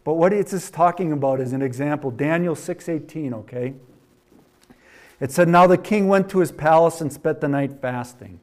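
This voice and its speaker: A man with a Wisconsin accent preaching a sermon, reading verses loudly and dropping to quiet asides. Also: on the high side, normal speed. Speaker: pastor.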